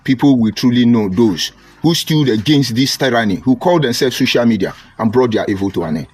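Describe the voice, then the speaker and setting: On a live stream, a man with a Nigerian accent greets viewers by name and launches into a combative, mocking political monologue that rises to loud outbursts. His voice is mid-range, husky, expressive and brisk.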